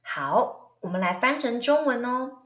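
A woman's voice: a little high, expressive, measured pace, reverberant, background noise. A woman teaching English phrases in a bilingual lesson, explaining them and reading parts aloud. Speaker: language teacher.

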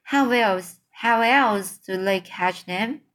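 A woman's voice: medium pitch, takes it slowly, a bit bright. A woman reading a children's book aloud, voicing a brave, curious young girl who asks many questions.

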